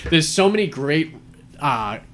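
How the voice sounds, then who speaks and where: A man's voice: fairly high pitch, sing-song, unhurried, a bit bright, a little hiss or hum. A man in casual chat retelling a film at length, rambling with many fillers like "uh" and "like".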